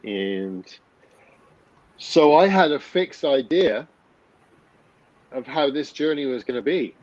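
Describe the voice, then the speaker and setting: A man's voice: mid-range voice, expressive, slow pace, darkish tone, dry recording. A man in his fifties talks candidly as a podcast guest. His voice sits in a middling register, and he restarts phrases and swears casually as he goes. The recording is dry and a little muffled, with a lo-fi edge. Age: 50s. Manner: blunt, swears freely, many restarts. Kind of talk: candid conversational storytelling.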